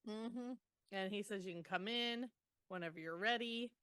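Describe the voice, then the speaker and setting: A woman co-hosting a podcast, casually retelling book chapters with groans, laughs and animated quotes. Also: mid-range voice, normal speed, clean tone, no room sound. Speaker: podcast co-host. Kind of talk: casual book recap chat.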